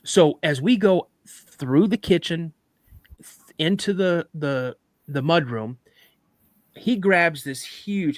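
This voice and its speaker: A man telling a personal story on a live podcast, animated, acting out sounds and voices as he goes. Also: fairly high pitch, slow pace, pauses often, no room sound.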